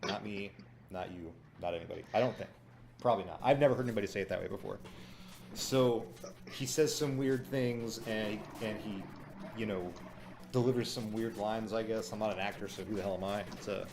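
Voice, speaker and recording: A man casually reviewing a show, chatty and cynical, with frequent fillers, breaking into quick impressions of lines he quotes. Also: fairly low pitch, vocal fry, background noise.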